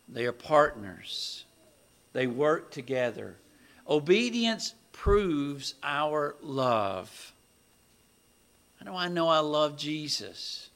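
A man preaching a sermon, talking slowly and deliberately and building to loud, raised passages. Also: animated. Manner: slow, deliberate preaching that swells loud and high at its climaxes.

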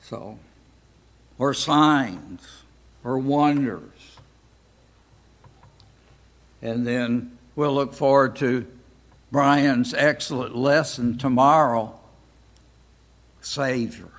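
An older American man teaching a Bible study class, speaking slowly and deliberately with frequent pauses. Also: mid-range voice, a bit bright. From United States. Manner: slow, deliberate, pausing often.

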